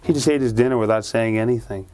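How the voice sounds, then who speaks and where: A man's voice: mid-range voice, fast, mellow, clean tone. Man telling a spooky ghost story. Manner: dramatic, chuckling.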